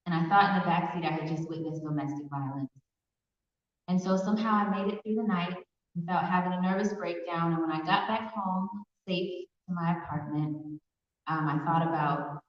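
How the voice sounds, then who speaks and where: A woman from Pasadena, California, giving personal testimony as a survivor speaker in a large hall, telling her story earnestly with hesitant pauses. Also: lowish voice, steady tone. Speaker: survivor speaker at an awareness event. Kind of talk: personal testimony in a public talk. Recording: echoey hall from far off, dull sound.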